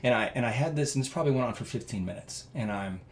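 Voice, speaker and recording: A man guest telling a personal story in an interview, earnest and rambling with many fillers, growing loud and animated at emotional moments. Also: medium pitch, fast, slight background noise.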